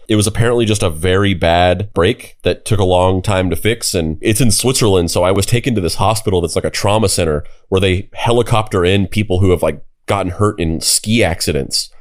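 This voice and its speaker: A man's voice: on the low side, normal speed, few pauses. A young man co-hosting a podcast, telling a story casually with lots of "like" and the odd swear. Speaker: podcast co-host. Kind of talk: casual chat.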